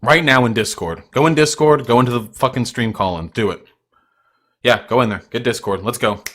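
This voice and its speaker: A man's voice: mid-range voice, fairly quick, a bit bright. A young man hosting a livestream, ranting at his chat in a profane, combative and mocking way. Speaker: livestream host.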